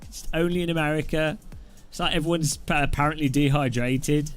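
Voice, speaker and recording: Casual British male streamer; jokey, rambling chat to viewers, slightly high voice. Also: steady tone, fairly quick, clean tone, faint music behind. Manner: joking, rambling, reacts to chat. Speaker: sim racing streamer.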